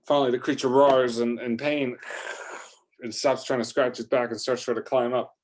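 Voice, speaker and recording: A man spins an improvised first-person adventure story at an ordinary, mid-range pitch. He rambles and restarts, piling on fillers as he excitedly relays each twist. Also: normal speed, a little hiss or hum.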